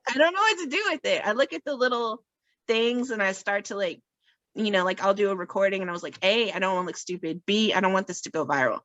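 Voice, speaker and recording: A woman's voice: medium pitch, expressive, quick pace, a bit bright, dry recording, muffled recording. Chatty self-mocking woman, dry sound. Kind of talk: casual chat. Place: podcast recording.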